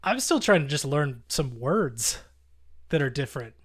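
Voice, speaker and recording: A man from the United States hosting a podcast, animated and self-deprecating. He laughs easily, and his voice sits a touch higher than most men's. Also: normal speed, slight background noise. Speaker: podcast host. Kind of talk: casual chat.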